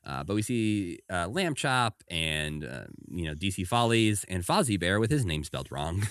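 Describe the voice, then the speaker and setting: A man's voice: low-pitched, normal speed, clean tone, no echo, clean studio sound. A man co-hosting a podcast, chatting casually and laughing often as he recounts what he watched. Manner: relaxed, laughs often, quotes characters in passing. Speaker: podcast co-host.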